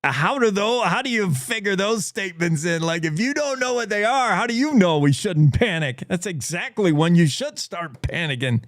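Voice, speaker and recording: Male morning show host, slightly high voice, dry close sound, playful storyteller. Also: lively intonation, normal speed, hardly any pauses, fairly bright tone, no room sound. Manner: playful, spins speculative stories. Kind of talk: talk radio monologue.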